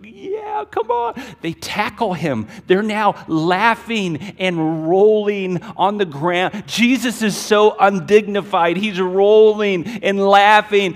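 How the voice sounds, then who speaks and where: A male pastor preaching a sermon and retelling a scene with vivid, animated storytelling. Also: sits high. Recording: echoey hall with long reverb.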